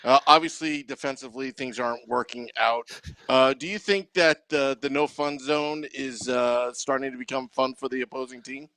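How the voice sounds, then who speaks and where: A man co-hosting a casual sports podcast, speaking haltingly with many fillers and dry asides. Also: medium pitch, steady tone, fairly bright tone, no room sound. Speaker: podcast co-host.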